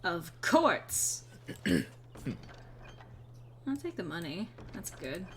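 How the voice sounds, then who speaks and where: A woman's voice: on the low side, big pitch swings, drawn-out words, a little hiss or hum. A woman streaming a game, chatting casually with playful, rambling asides. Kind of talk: casual gameplay commentary.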